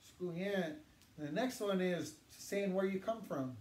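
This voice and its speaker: A man teaching a language lesson, patiently saying words slowly for learners to repeat. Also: high-pitched, darkish tone. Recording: echoey room with faint noise.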